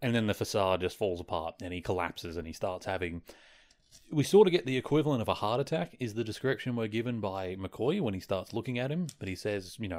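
Male podcast host, lowish voice, loose conversational recap delivery, plenty of filler words. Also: brisk, darkish tone. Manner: rambling, filler-heavy, amused. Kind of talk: casual solo episode recap.

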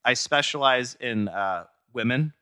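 A man's voice: mid-range voice, lively intonation, a little slow, sharp tone, dry recording, studio quality. A young man chatting crudely and casually as a podcast co-host, rambling with restarts and mumbled asides.

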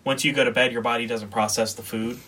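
A man's voice: medium pitch, fairly even intonation, fast talker, sharp tone. A man co-hosting a casual podcast, mostly reacting with short, wry comments. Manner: brief reactions and wry asides. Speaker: podcast co-host. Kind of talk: casual chat.

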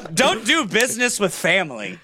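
A man's voice: high-pitched, wildly swooping pitch, fairly quick, over a noisy crowd. A young man co-hosting a casual podcast among friends, telling a long crude joke with quoted voices. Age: young adult. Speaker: podcast co-host. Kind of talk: casual chat.

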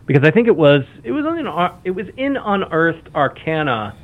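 A man's voice: a little high, big pitch swings, moderate pace. A man in casual chat, talking enthusiastically and rambling with frequent restarts. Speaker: podcast guest. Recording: phone-like lo-fi audio.

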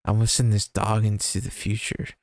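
A man putting on a goofy, excitable scientist who talks in slang and swears, as a silly movie retelling. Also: lowish voice, fairly quick, vocal fry, no echo. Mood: hyped.

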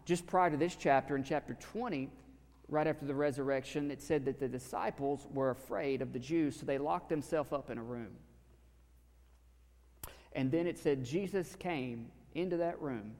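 Preacher in a reverberant hall. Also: male voice, mid-range voice. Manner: conversational, swings from loud to hushed. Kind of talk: sermon. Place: church sanctuary with a live audience.

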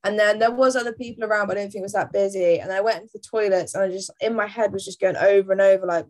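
A woman's voice: medium pitch, steady tone, rapid-fire, few pauses. Blunt, sweary woman. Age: 20s. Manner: blunt, grumpy humour, sweary. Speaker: guest. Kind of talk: casual chat.

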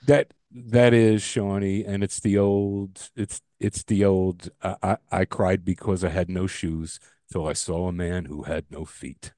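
A man's voice: low-pitched, fairly even intonation, measured pace, mellow, dry recording, studio quality. A middle-aged man co-hosting a casual podcast, telling stories and jokes in a loose, joking way with the odd swear. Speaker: podcast co-host. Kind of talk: casual chat.

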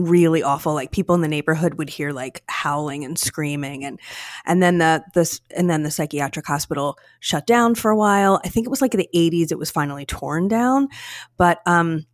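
Chatty Philly woman with a low voice. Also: no room sound, clean studio sound. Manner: earnest and chatty, with frequent fillers. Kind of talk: casual storytelling chat.

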